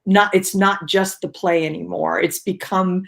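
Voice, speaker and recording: A woman guest on a video-call talk show, telling her story in a lively way and acting out her own cries and quotes. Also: mid-range voice, measured pace, vocal fry. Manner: animated, acts out her own shouts and quotes. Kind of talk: casual storytelling interview.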